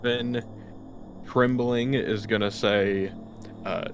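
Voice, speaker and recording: A man's voice: fairly low pitch, slow, background noise. A man playing in a tabletop role-playing game, describing what his character does, with fillers. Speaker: player.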